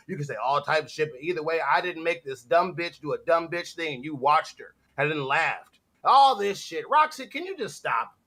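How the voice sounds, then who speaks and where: Bright-voiced, ranting, swearing man. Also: on the high side. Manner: profane, ranting, loud. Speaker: stream host. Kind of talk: casual livestream chat.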